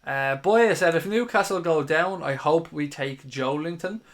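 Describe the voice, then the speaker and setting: A man's voice: a little high, measured pace. A man in his thirties hosting a live stream, casually reading viewer comments aloud in a chatty, matey way and swearing now and then. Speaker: fan channel host.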